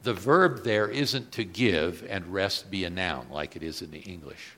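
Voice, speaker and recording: A man preaching a sermon, moving between quiet reflective lines and loud, emphatic questions put to the congregation. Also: measured pace. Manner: swings from soft low asides to loud emphatic rises; asks the audience questions.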